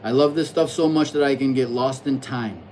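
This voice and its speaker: A man at an ordinary, mid-range pitch hosts a casual livestream, thinking aloud and rambling. He stammers through restarts and addresses his viewers loudly and excitedly. A faint air conditioning hum runs underneath. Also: normal speed, poor audio. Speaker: livestream host reading astrology charts.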